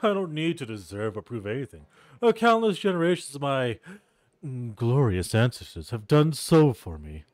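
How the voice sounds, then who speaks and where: Dude playing a snooty bored baron from a game, offhand and sneering, lively pitch, no room sound. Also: male voice, moderate pace, dry recording, close to an everyday voice. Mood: condescending. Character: bored, arrogant male baron, condescending. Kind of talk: reading game dialogue aloud.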